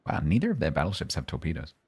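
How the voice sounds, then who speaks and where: A man streaming live gameplay and commenting as he plays, chatty and breaking into sudden excited exclamations. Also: rumbling low, racing, husky. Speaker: game streamer.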